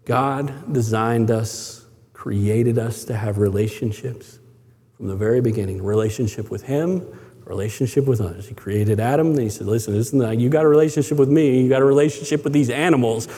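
A man's voice: mid-range voice, moderate pace, warm tone, breathy edge, long reverb tail. A male pastor preaching a sermon in a conversational, story-telling way, often restarting his sentences.

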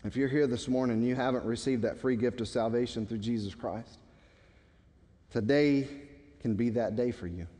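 A man's voice: medium pitch, moderate pace, warm tone. A man preaching a sermon in a church, emphatic, with stammered restarts. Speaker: pastor. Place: church sanctuary. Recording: long hall reverb.

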